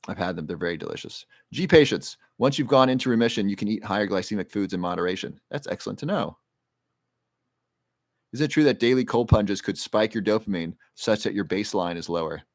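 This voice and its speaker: Rambling, low-voiced man hosting a livestream. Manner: rambling, conversational, reads viewer comments aloud; explains health research plainly. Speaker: livestream host answering viewer questions. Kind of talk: casual livestream Q&A.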